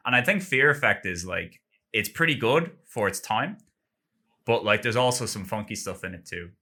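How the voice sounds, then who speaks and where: A man's voice: lowish voice, lively intonation, moderate pace, sharp tone. A man chatting casually on a gaming podcast, rambling and filling his talk with "like". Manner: rambling, heavy use of "like". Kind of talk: casual chat.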